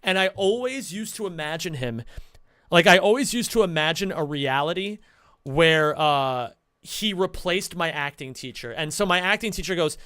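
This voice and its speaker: A man streaming casually, chatting to his viewers in an excitable, rambling way and swearing a lot. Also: on the high side, normal speed, clean tone, no echo, studio quality. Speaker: streamer and speedrunner. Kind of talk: casual live-stream chat.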